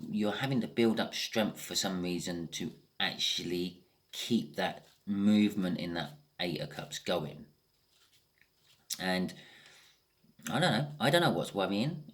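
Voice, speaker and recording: A man's voice: deep voice, unhurried. A man giving a casual tarot reading, thinking aloud with frequent restarts and the odd swear word. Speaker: tarot reader.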